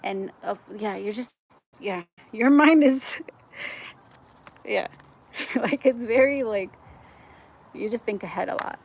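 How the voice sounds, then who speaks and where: A woman's voice: medium pitch, unhurried, vocal fry, long pauses, husky. A woman giving a live-streamed tarot reading, chatty and effusive, with lots of "like" and frequent laughs. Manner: gets excited and loud at good news. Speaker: tarot reader.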